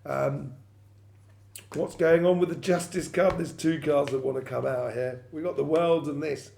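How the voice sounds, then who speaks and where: Gravelly man rambling through a tarot reading. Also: on the high side, steady tone, a little slow, a little mellow, slight background noise. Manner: rambling, many fillers and restarts. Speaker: tarot reader. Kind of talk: weekly tarot reading addressed to viewers.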